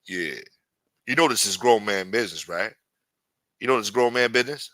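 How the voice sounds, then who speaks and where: A man's voice: fairly low pitch, a little fast, bright, forceful tone, no room sound. A man playing a threatening, profane street hustler in improvised comic role-play. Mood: menacing. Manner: profane, taunting, streetwise swagger. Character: menacing male street hustler, adult, threatening.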